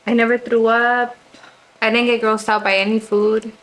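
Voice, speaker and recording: A woman's voice: a little high, little pitch movement, moderate pace, fairly bright tone, poor audio. Chatty young woman telling a story. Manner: chatty, quotes others in her own voice. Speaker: vlogger. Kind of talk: casual storytime chat. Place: home, getting ready.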